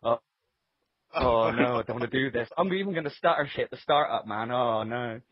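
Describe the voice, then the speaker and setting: A man's voice: mid-range voice, moderate pace, no echo. A man co-hosting a casual podcast, self-deprecating and nervously laughing through a comic rap. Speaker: podcast co-host. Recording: dull, dry lo-fi podcast audio.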